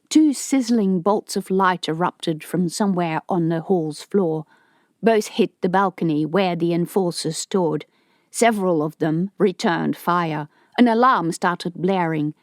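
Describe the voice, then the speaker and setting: A woman's voice: on the low side, unhurried, a little mellow, no echo. Woman narrating an audiobook, dry sound. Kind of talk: scripted narration.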